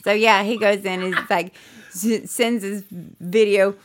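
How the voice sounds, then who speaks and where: A woman's voice: mid-range voice, slow, heavy background noise. A middle-aged mother chatting casually, telling a story with lots of acted-out quotes and frequent swearing. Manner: animated storyteller acting out quotes, swears often. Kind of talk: casual podcast chat.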